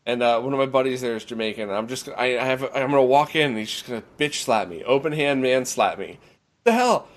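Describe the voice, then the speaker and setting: A young man telling stories as a podcast guest in casual chat, animated and full of swearing. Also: mid-range voice, fast talker, hardly any pauses. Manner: animated, profane storyteller.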